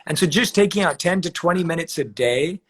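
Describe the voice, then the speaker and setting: Husky man calmly explaining meditation. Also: a little high. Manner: measured, uses step-by-step examples and repetition. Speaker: guest speaker on meditation. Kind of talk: calm explanatory advice on a live video chat. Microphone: video call.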